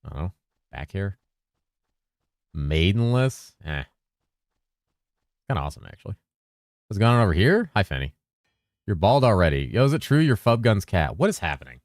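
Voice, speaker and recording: Deep-voiced man chatting on stream. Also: very animated, normal speed, pauses often, a little mellow, dry recording, studio quality. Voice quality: deep bassy voice. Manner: rambling and loose, with bursts of laughter. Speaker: game streamer. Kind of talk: casual livestream chat answering viewers. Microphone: streaming mic through a mixer.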